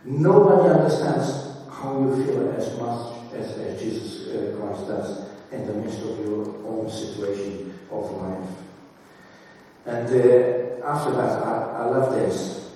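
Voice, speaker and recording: A man's voice: mid-range voice, mellow, recorded from a distance, a little hiss or hum. Man preaching in an echoey hall. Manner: conversational, with many fillers and restarts. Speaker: pastor. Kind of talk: sermon. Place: church hall.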